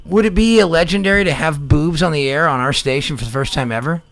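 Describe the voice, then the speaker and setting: A man co-hosting a small local radio show, chatting and joking excitedly, laughing often. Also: on the high side, quick pace. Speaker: radio co-host. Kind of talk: casual radio banter.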